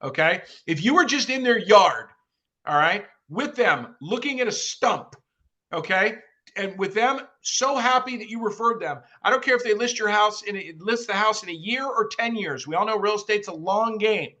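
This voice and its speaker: A middle-aged man with a bright, forceful voice sitting a little higher than most men's. He talks as a guest expert, coaching with energy and acting out little phone-call scenes as he tells a story. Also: lively intonation, normal speed. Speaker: real estate guest expert.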